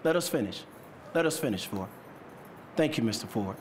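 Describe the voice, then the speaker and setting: A man's voice: medium pitch, expressive, moderate pace, slight background noise. A man chairing a council meeting, firmly and patiently repeating himself to restore order. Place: council chamber.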